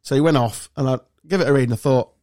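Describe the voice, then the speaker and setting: A man's voice: medium pitch, fast talker, a little mellow, no room sound, studio quality. An English man hosting a podcast, telling anecdotes in casual chat, swearing freely and laughing often. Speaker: podcast host.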